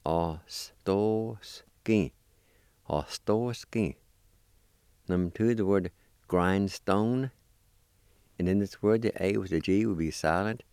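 A man with a very low, dark voice teaches vocabulary at an unhurried, careful pace. He spells each word letter by letter and repeats it. The sound is dry and close, with no room around it. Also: clean tone, dry recording. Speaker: language teacher. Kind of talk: slow spelling and pronunciation lesson.

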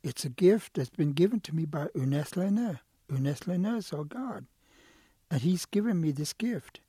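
A man's voice: fairly high pitch, expressive, moderate pace, dark tone, breathy edge, no echo, studio quality. A man voicing an old, cautious male turtle in a told folk tale, reluctant and hesitant.

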